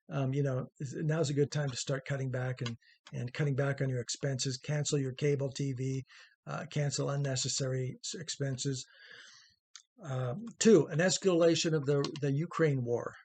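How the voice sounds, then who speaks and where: A man's voice: mid-range voice, a little mellow, slight background noise. A middle-aged man hosting an opinion commentary monologue, rambling and conversational with many fillers and restarts, earnest in tone. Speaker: host.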